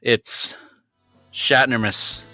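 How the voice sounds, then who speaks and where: A man's voice: medium pitch, steady tone, drawn-out words, bright, forceful tone, dry recording, soft background music. A man co-hosting a podcast in casual banter, ribbing his partner with playful jokes and chuckles. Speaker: podcast co-host.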